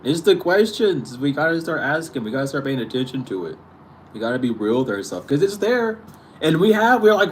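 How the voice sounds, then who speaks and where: A man's voice: fairly high pitch, very animated, a little fast, slight background noise. A young man hosting his channel, ranting casually with exasperation, frequent swearing and laughter. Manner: exasperated, profane, laughing often. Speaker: spiritual channel host.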